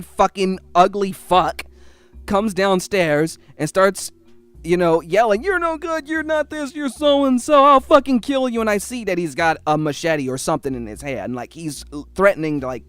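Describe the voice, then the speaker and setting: A man's voice: high-pitched, no room sound. A young man telling a personal story in a casual, heated and profane way. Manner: heated, profane, animated retelling.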